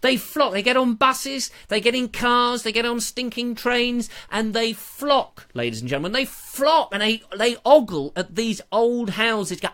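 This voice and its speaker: A man's voice: sits high, expressive, moderate pace, hardly any pauses, bright, forceful tone. A middle-aged man, hosting a rambling live stream with theatrical rants, asides and sound effects. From England. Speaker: live show host.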